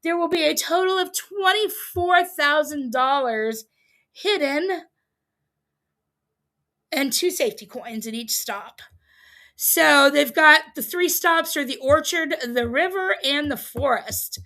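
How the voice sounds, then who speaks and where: A woman with a high, bright voice talks through a casual livestream recap. She rambles along with lots of ums and laughs at her own asides. Her tone is clear and forward. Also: slow pace. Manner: chatty, laughs often, many ums, amused asides. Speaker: podcast host recapping a reality show. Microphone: streaming setup, close mic.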